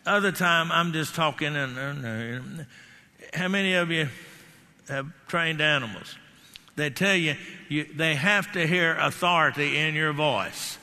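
A man preaching a sermon, telling animated stories and shouting declarations. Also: on the high side, measured pace. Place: church hall. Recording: hall reverb.

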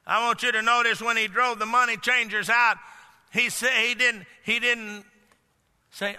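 High, bright-voiced preacher in echoing church. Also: male voice, level tone, normal speed, clean tone. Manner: emphatic preaching with storytelling asides. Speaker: pastor. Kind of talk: sermon. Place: church sanctuary. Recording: long church-hall reverb.

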